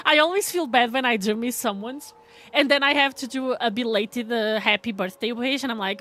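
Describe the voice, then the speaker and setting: A woman's voice: on the high side, normal speed, sharp tone. A woman live streaming, chatting casually with viewers, laughing often and reading their messages aloud.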